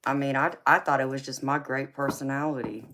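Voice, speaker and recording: A woman's voice: very deep voice, fairly even intonation, brisk, fairly bright tone. A woman with a Southern drawl hosting a live tarot stream, chatting casually and teasing viewers. She is from California. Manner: chatty and teasing, laughs often, calls viewers honey and baby. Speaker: livestream tarot reader host.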